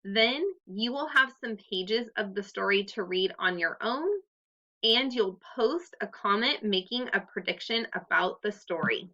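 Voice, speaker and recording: A woman teacher giving a recorded reading lesson to young students, explaining clearly and patiently. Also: medium pitch, a little slow, pushed and bright. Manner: clear, patient read-aloud instructions. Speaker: third-grade teacher. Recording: dull lo-fi recording.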